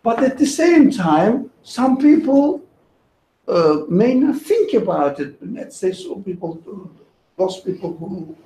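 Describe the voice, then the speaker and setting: A man's voice: high-pitched, very animated, slow, mellow. A man teaching religious ideas in conversation, patiently reasoning aloud and giving everyday examples. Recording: echoey room with faint noise.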